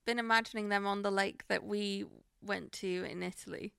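A woman's voice: medium pitch, steady tone, creaky, a bit bright, smooth, no room sound, studio quality. A woman, playful and teasing, chatting casually and joking. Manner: playful, teasing, quick to laugh. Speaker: podcast co-host. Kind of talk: casual comedic chat.

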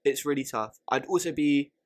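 A man's voice: fairly high pitch, normal speed. A man co-hosting a podcast in casual chat, thinking aloud, repeating words and often checking "right?". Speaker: podcast co-host.

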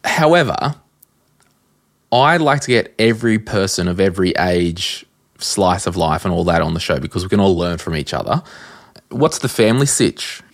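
A man's voice: low-pitched, animated, normal speed, no room sound, studio quality. A man hosting a money podcast, upbeat and teasing as he chats with his guest. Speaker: podcast host. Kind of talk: casual interview chat.

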